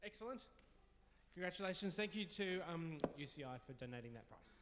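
A man hosting an event, making relaxed announcements with some hesitations. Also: a little high, brisk. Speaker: event host. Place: event venue with audience. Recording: hall reverb.

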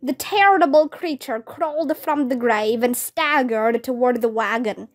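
A woman with a Vietnamese accent reading a children's book aloud, slowly and carefully, giving the kids' dialogue some life. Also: high-pitched. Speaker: reader.

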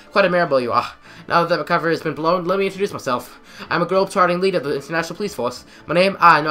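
A man voicing a grandiose, self-important male detective, reading the game's dialogue louder and higher than his own voice. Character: bold theatrical male detective.

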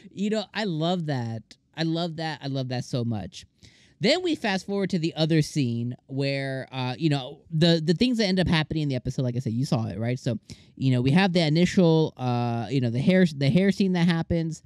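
An eager channel host reviews an anime episode in loose, rambling chat, full of restarts and fillers. They act out the characters' lines in quick little voices along the way. The recording is close and dry, with no room sound. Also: mid-range voice, lively intonation, darkish tone, dry recording.

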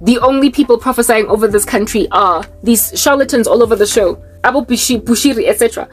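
A woman's voice: fairly high pitch, fast, husky, soft background music. A woman from Africa, delivering a fervent Christian vlog monologue full of rhetorical questions and rambling asides. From South Africa. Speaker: Christian YouTuber.

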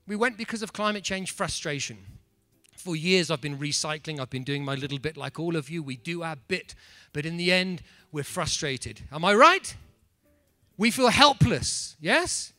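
A man giving a humorous storytelling talk at a business breakfast, lively and asking the audience rhetorical questions. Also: a little high, moderate pace, no echo, faint music behind.

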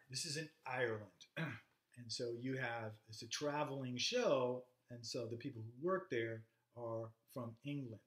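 A man giving a casual, halting literature lecture, stopping often with fillers and reading passages aloud. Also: mid-range voice, fairly bright tone. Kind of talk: recorded classroom lecture. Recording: roomy echoey room.

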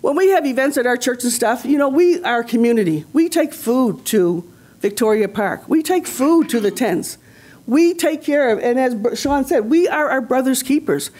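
At a conference panel, a community leader from Nova Scotia, Canada, gives an impassioned, rhetorical talk full of repeated phrases for emphasis. Her high voice is animated and a little mellow, at a moderate pace.

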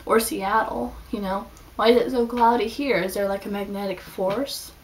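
A woman's voice: mid-range voice, normal speed. Young woman rambling on in a vlog, lots of "like", mic a bit far, faint hiss. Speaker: student vlogger. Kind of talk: casual video diary. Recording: slightly distant mic, faint background hiss.

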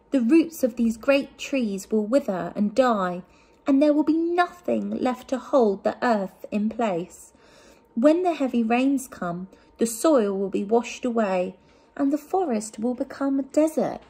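A woman's voice: fairly high pitch, expressive, unhurried, darkish tone, breathy edge, full character voice. A woman voicing a troop of chattering, worried monkeys in a picture-book reading for children.

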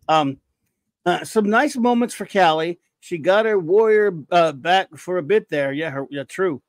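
Guy hosting a podcast, kinda high voice, rambly and excitable, dry close sound. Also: unhurried, no echo. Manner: excitable, rambling, breaks into jokes and shouting. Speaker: podcast host. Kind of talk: casual chat reading listener reviews.

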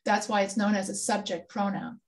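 A woman's voice: mid-range voice, steady tone, fairly quick, gravelly, a little mellow. A woman instructor leading an online grammar review, patiently quizzing students with questions. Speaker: writing instructor. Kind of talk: online class session.

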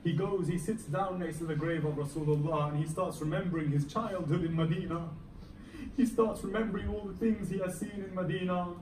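A man preaches a Muharram sermon in a mosque hall, his fairly high voice swelling and dropping with feeling. He is picked up from a distance, so the hall's echo rings around every phrase, with a faint hum of the room underneath. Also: fairly even intonation, a little fast, a little mellow. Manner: dramatic, rising and falling intensity. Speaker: Muharram lecturer. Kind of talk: emotional sermon storytelling. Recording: echoey hall, recorded from far off, faint ambience.

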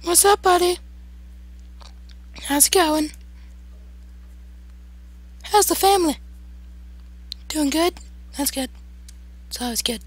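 A man putting on a shrill falsetto to play a cheeky, mock-friendly taunter with a teasing sing-song manner. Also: expressive, takes it slowly, pauses often, no echo, heavily acted.

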